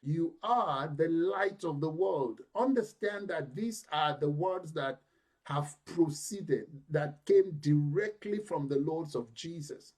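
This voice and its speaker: A male pastor delivers a sermon in a church, pressing his points with emphatic, building intensity. His voice sits high for a man. He takes his time, letting each phrase land slowly. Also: a little mellow. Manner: emphatic preaching with rising intensity.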